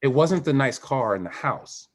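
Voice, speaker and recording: A man who is a former Olympic swimmer, a podcast guest telling a personal story in a candid and emphatic way, dropping quiet and then rising. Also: mid-range voice, normal speed. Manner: animated, emphatic, swings between quiet and raised.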